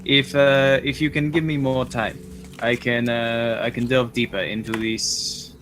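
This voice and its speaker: Male player, halting speech, um and uh, faint hiss. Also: mid-range voice, flat delivery, a bit bright. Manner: hesitant, many filler sounds. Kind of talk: playing a tabletop game.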